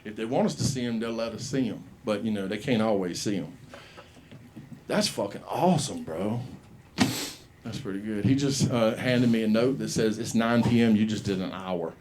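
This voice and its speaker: A man's voice: lowish voice, normal speed, background noise. A man hosting an open mic and doing a loose stand-up set, cursing freely and acting out voices in his stories, on a handheld mic in a comedy club. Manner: profane, rambling, acts out voices in quoted bits. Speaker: comedy show host.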